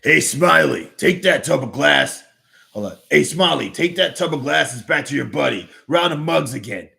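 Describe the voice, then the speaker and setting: A man's voice: a little high, lively intonation, normal speed, creaky, bright, forceful tone, heavily acted. A man with a Southern US accent voicing a scheming, greedy little male cartoon creature who talks like a smug huckster.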